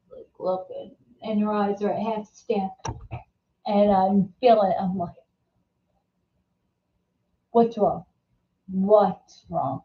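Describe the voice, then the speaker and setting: A woman hosting a casual live-stream chat. She talks in a halting way, often repeating words and restarting her sentences. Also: mid-range voice. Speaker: host. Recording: distant, roomy and dull-sounding.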